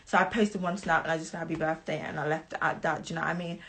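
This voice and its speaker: A woman's voice: low-pitched, fairly even intonation, very fast, a bit bright. A young woman, telling her side of a falling-out in a casual live-stream storytime, chatty and indignant. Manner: chatty, indignant, keeps asking "do you know what I mean".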